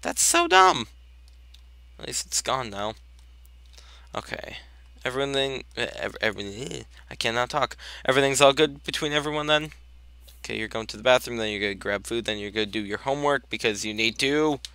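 A man's voice: mid-range voice, brisk, bright, forceful tone, clear, resonant tone, no room sound. A young man giving casual let's-play commentary, chatting to the characters on screen and bursting out in exasperation now and then. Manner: chatty, talks to his sims, exasperated outbursts. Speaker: gameplay commentator.

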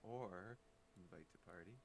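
A man's voice: sits low, unhurried, gravelly, crowd noise. A laid-back man joking about himself in casual chat while organising an online game. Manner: laid-back, self-deprecating. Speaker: gamer in a party chat.

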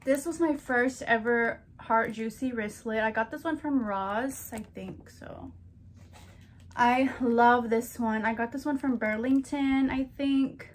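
A woman's voice: on the high side, takes it slowly, a little hiss or hum. A young woman in her twenties chatting casually through a haul vlog, gushing and speaking to her viewers directly. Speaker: vlogger.

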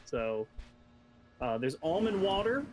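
A man guiding his friends through a game, chatty and teasing as he goes. His voice sits a little high for a man, in loose, casual talk. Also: very animated, takes it slowly, soft background music. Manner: chatty, teasing, laughs often. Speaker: guest gamer. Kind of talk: casual gaming chat.

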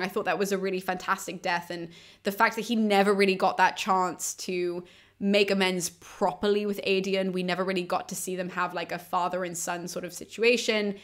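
A young woman talking through a book series in a loose, chatty way, her pitch sitting in an ordinary middle range. She is upbeat and opinionated, and she often drifts into side comments. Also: a bit bright. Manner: enthusiastic, chatty, many asides. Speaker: book reviewer. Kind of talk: casual chat.

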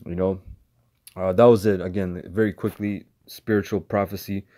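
He's a bible teacher whose voice sits low and mellow, delivered flatly at a moderate pace. Walking through scripture verse by verse, he talks slangy and loose, leans on "man" in almost every sentence, and keeps restarting.

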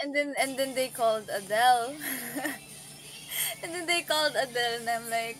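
A woman's voice: high voice, moderate pace, fairly bright tone, low-quality recording. Giggly bubbly young Filipino woman. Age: 20s. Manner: giggly, bubbly, reads and answers viewer comments. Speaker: livestream host. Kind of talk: casual livestream chat.

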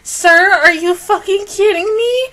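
A woman giving casual reaction commentary on an anime episode, excitable, swearing often and laughing between lines. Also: very high voice, measured pace.

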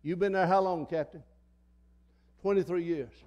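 Older man, pastor's sermon, high voice, fiery folksy delivery, church. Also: fairly even intonation, normal speed, darkish tone, highs cut off. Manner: fiery, folksy preaching with repeated phrases. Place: church sanctuary.

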